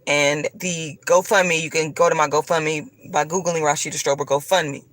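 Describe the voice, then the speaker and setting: A woman's voice: deep voice, steady tone, normal speed. A woman vlogger delivering a profane, combative, preachy rant straight to her viewers. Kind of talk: ranting monologue to camera.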